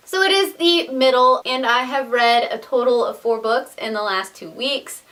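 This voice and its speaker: Bright upbeat woman book vlogger. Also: a little high, moderate pace, hardly any pauses. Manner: rambling, self-deprecating, upbeat. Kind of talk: casual chatty book review. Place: home room with air conditioning.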